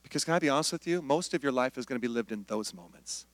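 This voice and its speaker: A male pastor preaching an animated sermon, acting out voices and dropping to near-whispers. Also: medium pitch, fast talker, no room sound.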